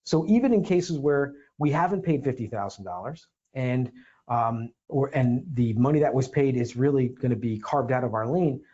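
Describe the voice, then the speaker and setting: A man's voice: mid-range voice, expressive, moderate pace, dark tone, highs cut off. A man hosting a legal explainer podcast, talking emphatically with sarcastic asides. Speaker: podcast host and defense attorney.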